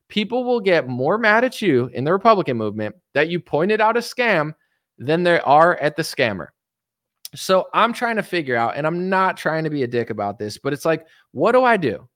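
A man's voice: on the high side, fairly bright tone, dry recording, clean studio sound. A man in his thirties, a political commentator, ranting in a casual, exasperated monologue. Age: 30s. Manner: exasperated ranting, mocking others in put-on voices.

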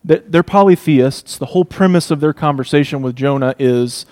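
Male preacher, slightly high voice, emphatic sermon delivery with loud-to-hushed dynamic swings. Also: moderate pace, hardly any pauses. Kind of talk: expository sermon.

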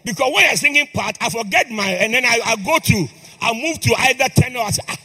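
A man's voice: very high voice, expressive, brisk, sharp tone, slightly rough. A man preaching a sermon in a church, impassioned and calling on the congregation to respond. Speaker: priest. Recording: long hall reverb with faint music.

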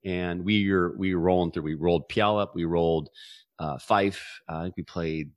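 A man's voice: sits low, steady tone, moderate pace, no echo, highs cut off. A man in his forties telling a personal story as an interview guest, earnestly, with frequent restarts and repeated words. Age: 40s.

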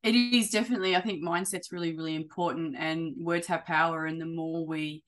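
A woman chatting casually as an interview guest, acting out quoted conversations in an animated way. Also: low voice, fairly quick. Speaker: property investor client.

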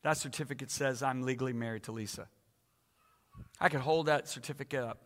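A man's voice: mid-range voice, fairly even intonation, a little fast, long pauses. A man in his sixties preaching a sermon with emphatic, dramatic repetition. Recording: echoey hall.

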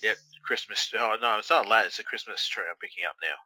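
Low bright-voiced teasing man. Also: fast talker, no room sound, low-quality recording. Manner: teasing, mocking, profane. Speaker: co-host of a wrestling watch-along. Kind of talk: casual crude banter.

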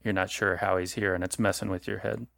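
A man serves as game master, narrating a horror tabletop game in a relaxed, conversational way and often rephrasing mid-sentence. His voice sits somewhat low, and the recording is dry and close. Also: a little fast, vocal fry, dry recording.

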